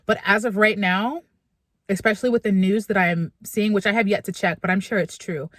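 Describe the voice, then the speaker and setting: A woman's voice: mid-range voice, fairly even intonation, fairly quick, no room sound. Candid woman vlogging, dry close sound. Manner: emotional, candid venting. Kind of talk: casual personal vlog. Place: in a car, then inside a supermarket.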